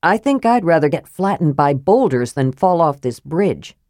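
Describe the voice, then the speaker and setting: A woman's voice: low-pitched, very animated, normal speed, a little mellow, no room sound, studio quality. A woman reading an audiobook voices a big, good-natured male warrior with a blunt, plainspoken manner.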